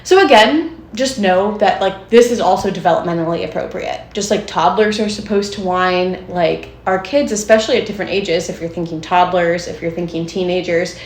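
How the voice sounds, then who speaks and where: A woman's voice: on the low side, moderate pace, few pauses, echoey room. A young adult woman co-hosting a podcast as a therapist, explaining in a chatty way with many fillers and frequent laughs. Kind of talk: casual podcast conversation.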